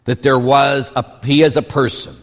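Animated priest in a reverberant hall. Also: male voice, medium pitch, moderate pace. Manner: animated, acts out quoted voices. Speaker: Catholic priest teaching a class. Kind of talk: informal religious teaching.

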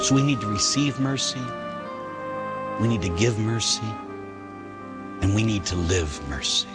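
A man, a priest, preaching a sermon with lively storytelling, acting out quoted voices and laughing at himself. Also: fairly low pitch, a little slow, pauses often, in a large hall, loud music behind the voice.

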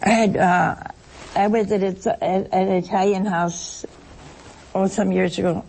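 A woman's voice: medium pitch, fairly even intonation, a little slow, gravelly, darkish tone, husky. An older woman giving a chatty, conversational sermon to a broadcast audience, telling stories and asking her listeners rhetorical questions. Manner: chatty storytelling, asks the audience rhetorical questions, laughs often. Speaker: religious speaker addressing a broadcast audience.

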